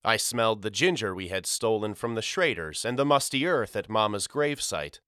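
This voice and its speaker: A man narrating an audiobook in the first person, with measured, somber storytelling. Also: lowish voice, lively intonation, fairly bright tone, smooth, no echo, clean studio sound.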